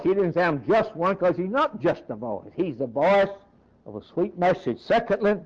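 A man delivers a sermon in a slightly raised voice, reading scripture slowly before pressing his points in short, emphatic bursts. The recording sounds dull and lo-fi. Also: high voice, sing-song. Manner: reads scripture aloud, then preaches in short emphatic phrases. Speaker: preacher.

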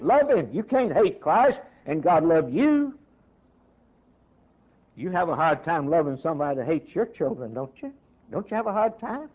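A man preaching a fervent sermon, leaning hard on slow, stressed lines. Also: fairly high pitch. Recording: dull lo-fi sermon recording.

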